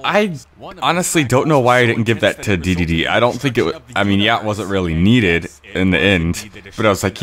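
A man giving rambling casual commentary on his own video, clearing his throat with a cold. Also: fairly low pitch, animated, fairly quick, a bit bright. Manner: rambling, frequent fillers and restarts. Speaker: creator giving episode commentary.

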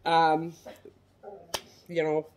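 Middle-aged woman, casual show-and-tell, folksy and chatty, slightly low voice. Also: monotone, extremely slow, noisy background. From United States. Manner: chatty, folksy, self-deprecating. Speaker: online reseller showing handbags.

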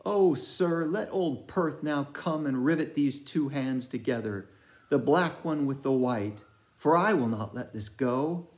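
A man doing a high crazed cabin boy. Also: measured pace, natural voice. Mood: tender. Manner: high, singsong, frantic crying out. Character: young boy cabin hand, crazed and fearful.

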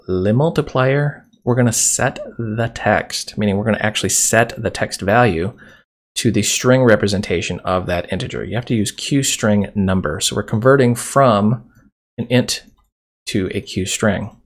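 A man's voice: lowish voice, normal speed, a little hiss or hum. A man hosting a programming tutorial, explaining casually and chatting while he types. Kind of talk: screen-recorded coding tutorial. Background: keyboard typing and mouse clicks.

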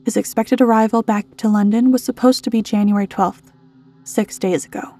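A woman playing a cold female briefer, low monotone drawl, mellow, husky. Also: normal speed, natural voice. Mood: deadpan. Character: stern middle-aged woman mission briefer.

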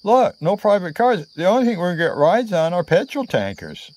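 A delicate, well-mannered young Englishwoman on the road, as a male storyteller puts her on, lifted a little above his usual pitch. She talks in a prim, polite, diplomatic tone. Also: sing-song, fairly quick, darkish tone.

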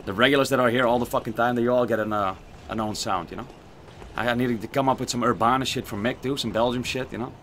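A young man streaming a video game, swearing, joking and reacting loudly as he plays and reads the chat. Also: mid-range voice, steady tone, quick pace, a little hiss or hum. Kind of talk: casual gaming stream commentary.

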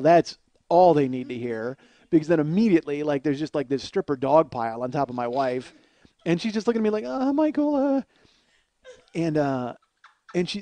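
A middle-aged man telling comic stories and ranting, profane and animated, acting out the other people in them. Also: mid-range voice. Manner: ranting, profane, storytelling with acted-out quotes. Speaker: podcast host. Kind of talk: solo comedic monologue.

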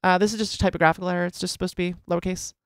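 Woman reading a story out loud and picking at its grammar, lots of "like" and restarts, smooth voice, dry close sound. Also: fairly low pitch, flat delivery, very fast, no echo. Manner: thinks aloud, with frequent restarts and "like"s, muttering asides. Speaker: story editor critiquing a submitted story. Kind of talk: casual editing session, reading a manuscript aloud with commentary.

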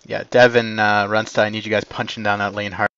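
A man's voice: lowish voice, little pitch movement, brisk, fairly bright tone, clear, resonant tone, no room sound. A man commanding teammates over voice chat in an online war game, giving clipped, terse orders. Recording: dull lo-fi mic capture.

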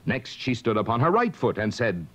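On a dull, hissy lo-fi vintage record, a man with a medium-pitched, fairly bright, sing-song voice reads a classic children's book at a moderate pace. His scripted storybook narration is delivered with dramatic expression.

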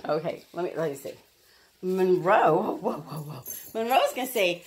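Female pet vlogger at home; sweet, playful, unhurried talk, bright sing-song delivery. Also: lowish voice, big pitch swings. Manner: playful, talks sweetly to her dogs and viewers. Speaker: vlogger, dog owner. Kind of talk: casual pet vlog.

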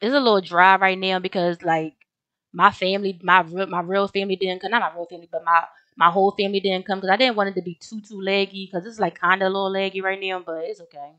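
Young woman, game commentary, casual slangy chatter to viewers, dry close sound, mid-pitched voice. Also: steady tone, fast, fairly bright tone, no room sound, muffled recording. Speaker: gaming video host.

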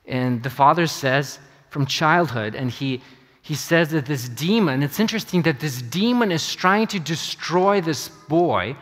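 A middle-aged man preaching a sermon as pastor, earnest and halting, often repeating his words. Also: fairly high pitch, animated. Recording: long reverb of a church hall.

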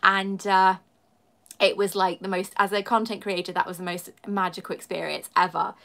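A woman's voice: mid-range voice, level tone, normal speed, vocal fry, fairly bright tone. A woman chatting effusively with viewers on a live stream, greeting them by name as a YouTuber and collector.

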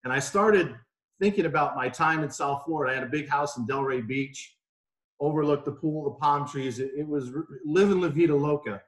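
A man's voice: on the high side, brisk, reverberant. A man in his forties, a podcast guest from New York, telling stories in a chatty, anecdotal way from his home. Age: 40s. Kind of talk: casual interview chat. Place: home room.

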